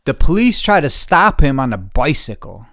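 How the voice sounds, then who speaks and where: Podcast host, New man, swearing storyteller, dry close sound, mid pitch. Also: sing-song, moderate pace, fairly bright tone, no room sound. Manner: profane, loose and chuckling. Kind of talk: rambling casual storytelling.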